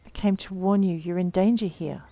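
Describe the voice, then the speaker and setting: A woman's voice: on the low side, normal speed, dark tone, muffled recording. A woman casually commenting on her video game playthrough, chatting to the characters and joking at herself. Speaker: gamer playing through a game.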